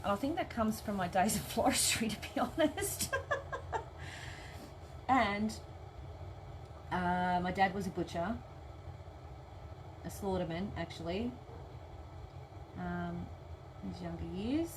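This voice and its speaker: A woman's voice: medium pitch, lively intonation, takes it slowly, long pauses, noisy background. An Australian woman hosting a live craft stream, chatting casually and reading out viewer comments, laughing often and swearing cheerfully.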